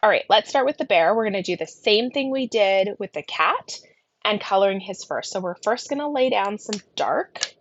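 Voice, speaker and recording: Gravelly-voiced woman with a lingering cough. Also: medium pitch, expressive, normal speed, dull audio, a little hiss or hum. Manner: talks while colouring, often trailing into soft murmurs. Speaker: card-making instructor. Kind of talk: casual craft tutorial narration.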